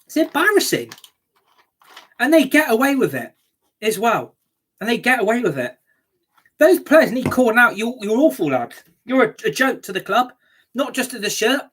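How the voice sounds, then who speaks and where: A woman's voice: fairly high pitch, very animated, moderate pace, pauses often, a bit bright, breathy edge. A woman ranting angrily as a football fan reacting to a match, sweary and scornful.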